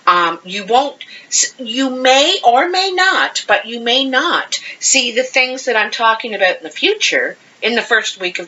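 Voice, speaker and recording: Slow, bright-toned woman reading tarot. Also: lowish voice, muffled recording, slight background noise. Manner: chatty and rambling, laughs easily. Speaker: tarot card reader. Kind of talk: casual tarot reading to camera.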